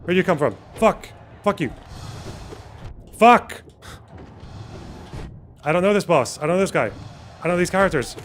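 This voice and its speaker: A man's voice: fairly high pitch, expressive, quick pace, slight background noise. A young man streaming a game live, reacting with constant swearing and panicky running remarks. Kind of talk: live gameplay commentary.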